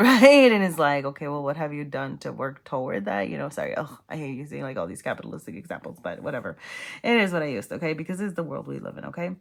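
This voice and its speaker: Woman tarot reader, low voice, chatty and rambling, giggles at herself. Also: expressive, fast, creaky. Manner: rambling, laughs at herself, many fillers. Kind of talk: casual tarot reading.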